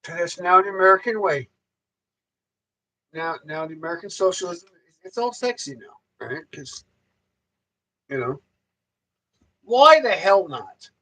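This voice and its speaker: A man's voice: high-pitched, expressive, a little slow, long pauses, pushed and bright, low-quality recording. A man hosting a casual livestream, ranting loosely and rambling, with heavy swearing and frequent repeats. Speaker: livestream host.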